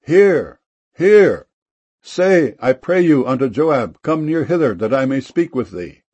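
A man voicing a wise woman who calls out from a city, lifting his voice high and loud in urgent pleading. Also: very animated, slow pace. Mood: urgent calling.

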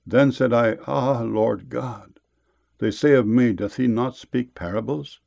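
A man reading scripture aloud in a solemn, measured way, slowing down on the cries of "Ah". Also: medium pitch, vocal fry, a little mellow. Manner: solemn, slow on each "Ah, Lord God".

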